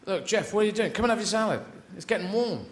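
A man puts on a nagging cavewoman wife, scornful and dismissive of her husband. The voice is on the high side. It carries through a roomy live venue with audience noise behind it. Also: animated, quick pace. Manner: scolding, dismissive.

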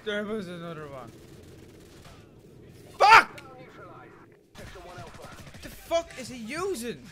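A young man giving frustrated gameplay commentary, swearing loudly and muttering exasperated asides while playing a shooter, with game music and gunfire behind him. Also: high-pitched, huge pitch swings, moderate pace. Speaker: gaming YouTuber.

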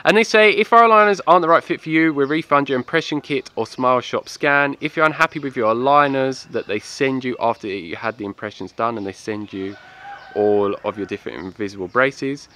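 A man's voice: medium pitch, brisk, bright, forceful tone, a little hiss or hum. A man giving a casual, enthusiastic review to camera, chatty and repetitive, with a slight lisp from wearing aligners. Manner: chatty, repeats "like I said" and "yeah"; enthusiastic recommending. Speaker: vlogger reviewing his aligners.

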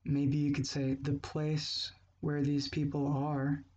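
Slow, mellow man teaching grammar. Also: on the high side, completely flat delivery, highs cut off. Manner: patient, repeats example phrases slowly. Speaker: language teacher. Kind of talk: explaining grammar step by step.

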